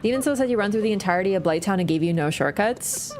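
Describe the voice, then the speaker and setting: A woman's voice: medium pitch, expressive, quick pace, a little mellow, a little hiss or hum. A woman chatting casually through a gaming livestream, swearing freely, laughing and answering her chat.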